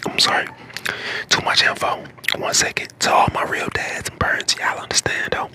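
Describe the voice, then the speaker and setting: A man in his twenties from St. Louis, whispering casual chat to viewers on an ASMR live stream, hoarse from a lost voice. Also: normal speed. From St. Louis, Missouri. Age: 20s. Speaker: ASMR creator.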